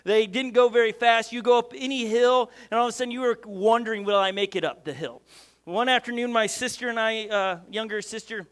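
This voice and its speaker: A middle-aged pastor tells a story from the pulpit in a high, bright, forceful man's voice. He is an animated storyteller who keeps checking in with his listeners with asides like "okay?" and "right?". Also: fairly quick, smooth. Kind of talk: sermon with personal story.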